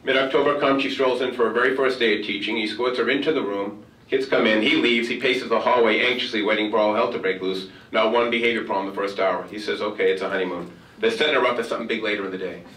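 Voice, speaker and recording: A keynote speaker gives a motivational talk in a large conference hall, telling a humorous story and acting out the dialogue. His mid-range voice is fast and a bit bright, with fairly even intonation. The recording is roomy, with the mic far away.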